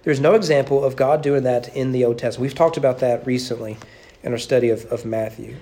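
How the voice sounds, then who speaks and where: A man preaching with emphasis, driving his points home with repeated phrases and pointed rhetorical questions. His voice sits at an ordinary middle pitch for a man. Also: fairly even intonation, fast, dark tone. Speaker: pastor. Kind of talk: sermon.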